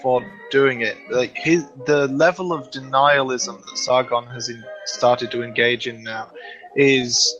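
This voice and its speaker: A man in a casual podcast chat who speaks in a calm, measured, analytical way. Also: medium pitch, lo-fi sound, faint music behind.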